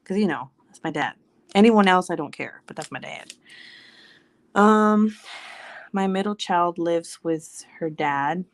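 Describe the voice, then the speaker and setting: A woman's voice: on the low side, a little slow, long pauses. Chatty, giggly woman streamer. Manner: chatty and giggly, with many fillers. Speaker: live streamer chatting with viewers. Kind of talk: casual live-stream chat.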